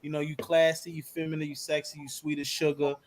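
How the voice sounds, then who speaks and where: A man's voice: a little high, completely flat delivery, a little fast. A man from Baltimore calling into a live stream, giving casual, reassuring advice with lots of fillers. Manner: easygoing, reassuring, filler-heavy. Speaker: caller.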